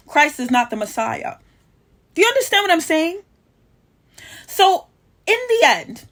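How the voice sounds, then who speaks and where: Woman, high voice, defiant preaching monologue, emphatic, confrontational vlog delivery. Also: fairly bright tone. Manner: repeats phrases for emphasis. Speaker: online commentator.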